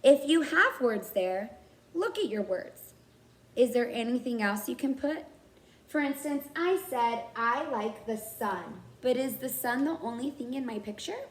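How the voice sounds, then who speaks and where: Woman kindergarten teacher, fairly high voice, unhurried encouraging lesson for little kids. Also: lively intonation, echoey room. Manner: slow, simple, encouraging teacher talk. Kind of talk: recorded lesson for young children.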